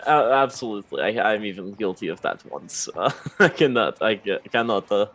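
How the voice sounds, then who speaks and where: A man playing his character in a tabletop game, halting and full of fillers, laughing often. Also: fairly low pitch, expressive, a bit bright, a little hiss or hum. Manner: hesitant, full of uh's, laughs a lot. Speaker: player.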